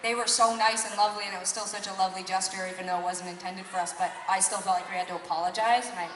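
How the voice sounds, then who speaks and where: A woman's voice: medium pitch, fairly even intonation, very fast, background noise. A woman singer chatting on stage between songs, telling a rambling, apologetic, self-deprecating story. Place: concert venue stage. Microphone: stage microphone through PA, filmed from the crowd. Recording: echoey hall taped from far off.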